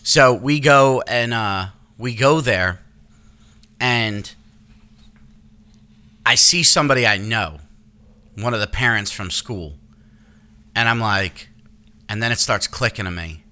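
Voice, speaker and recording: A man in his thirties telling a story in casual chat, animated and profane, acting out what people said. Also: medium pitch, takes it slowly, pauses often. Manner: animated, profane, acts out quotes in raised voice. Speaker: podcast host.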